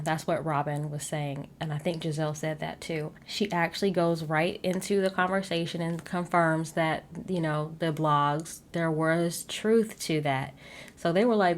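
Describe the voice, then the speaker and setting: A woman's voice: lowish voice, normal speed. A young woman, giving a chatty, sassy recap of a reality TV episode, laughing often and dropping playful asides. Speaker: recap host. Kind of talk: casual TV recap commentary.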